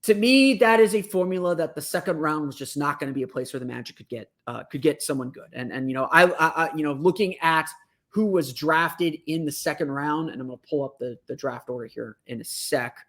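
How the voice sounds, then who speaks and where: Casting: male podcast host, higher-pitched voice, off-the-cuff analysis full of restarts. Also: a little fast, a bit bright. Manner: thinking aloud, many restarts and fillers.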